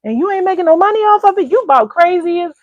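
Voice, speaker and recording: A woman voicing a blunt young female friend who scolds her in a high, incredulous way. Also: animated, racing, dry recording, highs cut off.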